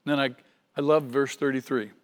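A man's voice: mid-range voice, steady tone, a little fast, clear, resonant tone, long reverb tail. A man preaching a sermon as pastor, earnest and emphatic, repeating key phrases for stress.

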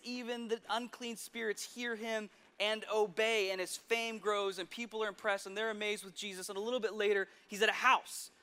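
A man preaching a sermon, retelling scripture stories with lively asides and sudden drops to a hush. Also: high-pitched.

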